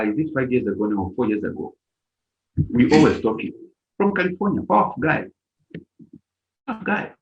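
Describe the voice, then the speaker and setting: Animated man with a lively, swooping voice. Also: fairly high pitch. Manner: animated, emphatic storytelling with repetitions. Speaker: live stream speaker advising volunteers. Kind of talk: informal motivational talk. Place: lives in Germany. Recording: dull lo-fi live stream audio.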